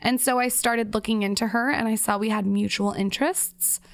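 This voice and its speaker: A woman's voice: fairly high pitch, fairly even intonation, normal speed, dry recording. A woman co-hosting a podcast, chatty, upbeat and teasing in casual talk. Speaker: podcast co-host. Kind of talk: casual chat.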